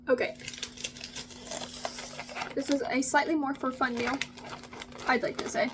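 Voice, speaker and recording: A young woman vlogging about food in a casual, gushing, excitable way, with drawn-out exclamations. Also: high voice, noisy background.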